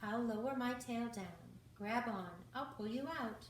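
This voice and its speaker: A woman voicing a shy, brave young boy snake who speaks softly and bashfully. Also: fairly high pitch, unhurried, a little hiss or hum, close to an everyday voice. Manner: bashful, soft-spoken. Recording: roomy, from far off.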